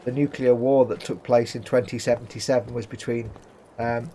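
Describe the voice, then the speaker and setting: A man's voice: medium pitch, steady tone, normal speed, warm tone, a little hiss or hum. A man casually commenting while streaming a video game, chatty and wry, reading chat messages aloud.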